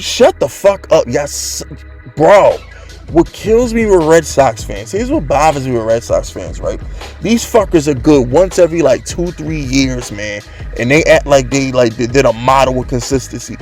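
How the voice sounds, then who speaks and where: A man's voice: on the high side, expressive, moderate pace, a little mellow, faint music behind. A man hosting a sports fan channel, ranting brashly and trash-talking rival fans. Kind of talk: casual fan rant.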